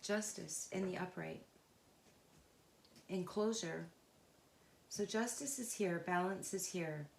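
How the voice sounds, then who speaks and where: A woman's voice: lowish voice, creaky, a little hiss or hum. Earnest woman tarot reader in an echoey room. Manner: halting and searching, with pauses and restarts; earnest and emotionally involved. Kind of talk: unscripted intuitive tarot reading.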